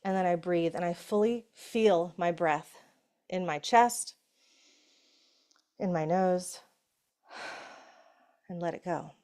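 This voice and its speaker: Woman speaker with hushed affirmations. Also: on the low side. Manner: warm, conversational, often asks "right?"; slows to soft, hushed affirmations. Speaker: summit speaker. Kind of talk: motivational talk on breath and safety.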